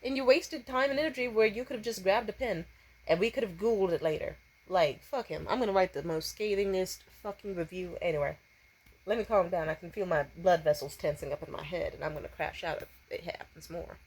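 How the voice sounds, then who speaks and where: A young woman telling a story in a casual, profane rant, animated and quick to slip into exaggerated voices when she quotes people. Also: fairly low pitch, breathy edge. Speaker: storytime vlogger.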